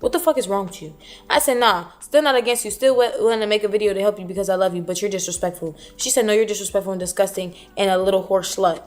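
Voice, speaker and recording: A woman's voice: medium pitch, fast. Blunt, profane woman retelling a fight. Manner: blunt, profane, animated when quoting. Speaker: streamer recounting a dispute. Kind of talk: casual retelling with quoted dialogue.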